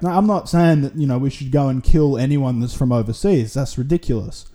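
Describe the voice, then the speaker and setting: A man's voice: mid-range voice, brisk, hardly any pauses, dark tone. A man with an Australian accent hosting a solo podcast, rambling through a casual, sweary monologue full of tangents. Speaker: podcast host.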